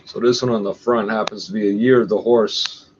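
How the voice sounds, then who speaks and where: A man's voice: on the low side, steady tone, fairly quick. A Canadian man rambling and swearing as he looks up an old coin in a catalog for a vlog. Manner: profane, rambling, thinking aloud. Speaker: vlogger. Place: at home. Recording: slightly dull with faint background hiss.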